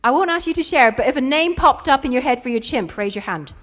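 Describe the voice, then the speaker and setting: A woman's voice: high-pitched, lively intonation, fast, fairly bright tone. A woman, telling playful stories in a conference keynote. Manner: playful storytelling with acted-out quotes. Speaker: keynote speaker.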